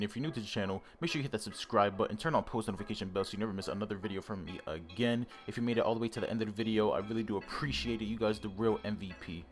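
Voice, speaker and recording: A young man hosting a casual storytime vlog, cursing freely in drawn-out bro talk. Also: on the low side. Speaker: channel host.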